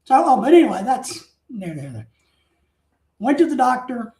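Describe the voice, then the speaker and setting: A talkative man with a high, very lively voice that swoops up and down as he rambles through stories. He drifts off topic and bursts into mock outrage. The sound is roomy and echoey. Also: normal speed. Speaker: streamer. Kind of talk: rambling casual storytelling. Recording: roomy echo.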